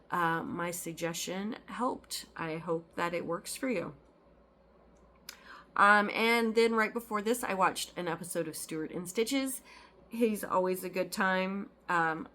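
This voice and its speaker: Chatty woman with a low-pitched voice. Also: sharp tone. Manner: rambling, full of ums and restarts. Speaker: cross-stitch vlogger. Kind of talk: casual chat.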